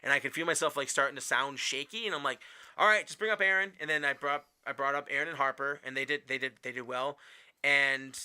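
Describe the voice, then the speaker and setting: A man's voice: medium pitch, level tone, fast, sharp tone, clear, resonant tone. A man from Wisconsin, a stand-up comedian, telling stories in casual chat, rambling with many fillers and restarts and acting out what people said. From Wisconsin, USA.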